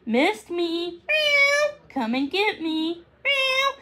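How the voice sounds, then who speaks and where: A woman voicing a small, quick male kitten who squeaks and meows excitedly in a storybook reading. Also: heavily acted.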